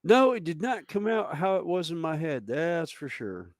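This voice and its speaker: A man's voice: fairly high pitch, normal speed, no echo. Southern American man, casual storyteller, dry close mic. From southern United States. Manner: storytelling, animated anecdotes. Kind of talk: casual chat.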